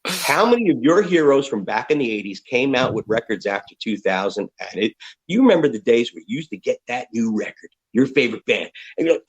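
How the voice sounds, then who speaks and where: A man's voice: mid-range voice, a little fast, poor audio. A man in his fifties, a rock musician telling candid, profane stories as an interview guest. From United States. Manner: profane, animated storyteller.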